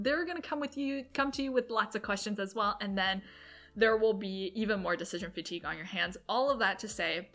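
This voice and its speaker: Young woman vlogging business tips, chatty and upbeat, quick little asides, medium pitch. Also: fairly bright tone. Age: 20s. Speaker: entrepreneur vlogger. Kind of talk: casual talk-to-camera advice.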